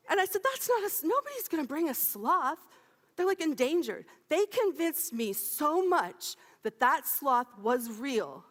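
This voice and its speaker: A woman's voice: a little high, a bit bright. A woman in her fifties giving a playful sermon, laughing often and chatting with the congregation. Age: 50s. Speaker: minister. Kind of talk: lively sermon. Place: church sanctuary. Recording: long hall reverb.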